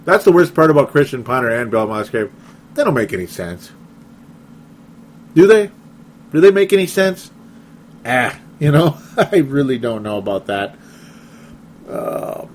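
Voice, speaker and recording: A man's voice: mid-range voice, a little hiss or hum. A young man hosting a casual sports talk show, rambling and laughing often as he reads listener comments. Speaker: podcast host.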